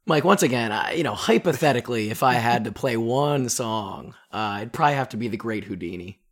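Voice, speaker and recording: A man's voice: medium pitch, animated, a little fast. A man co-hosting a music podcast, chatting casually with dry, joking short replies. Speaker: podcast co-host.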